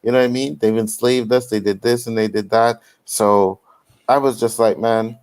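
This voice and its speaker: A man's voice: medium pitch, fairly even intonation, moderate pace, darkish tone. A man on a casual panel show, from Canada, telling a personal story with lots of "you know what I mean".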